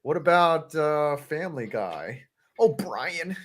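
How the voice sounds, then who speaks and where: A man's voice: a little high, big pitch swings, slow, a bit bright. A man co-hosting a casual watch-along podcast chat, joking and laughing between plays. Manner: joking, trades cartoon impressions, laughs often. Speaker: podcast co-host.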